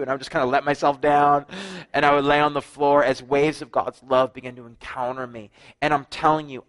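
Guy preaching, tells his story w/ acted dialogue, gets real quiet sometimes, mid voice. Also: medium pitch, moderate pace, poor audio. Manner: animated storytelling, acting out dialogue, often drops to a hushed voice. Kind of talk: sermon with personal testimony.

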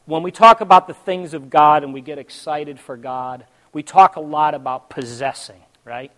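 A man preaching a sermon to his congregation, telling a story dramatically and swinging between hushed and loud, calling out to the listeners. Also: on the high side, normal speed, long reverb tail. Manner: addresses the congregation directly.

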